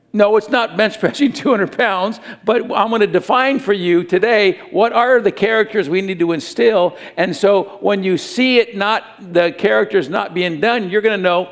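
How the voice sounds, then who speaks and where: Middle-aged male pastor preaching, lively and acting out scenes; pitched high with a raspy fry. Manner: animated preaching with acted-out scenes. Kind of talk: sermon.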